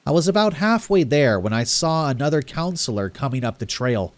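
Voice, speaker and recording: A man reading a first-person horror story in a measured, grave storytelling manner. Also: mid-range voice, lively intonation, no echo.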